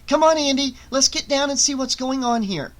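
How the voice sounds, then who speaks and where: A man's voice: very high-pitched, normal speed, fairly bright tone, voice pushed up. A man voicing a stern woman who runs a children's home, insistent and firm. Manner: insistent, tugging firmly.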